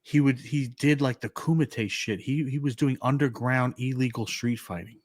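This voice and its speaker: Animated New guy telling a story. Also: medium pitch, normal speed, no room sound. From New York. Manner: animated, acts out quoted dialogue, many "like" fillers. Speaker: podcast co-host. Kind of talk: casual storytelling.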